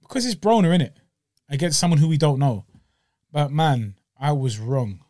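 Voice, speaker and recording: A man co-hosting a podcast, ranting in animated casual chat and talking straight at the fighter, a little congested and short of breath. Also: fairly high pitch, moderate pace, no room sound, clean studio sound. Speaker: podcast co-host.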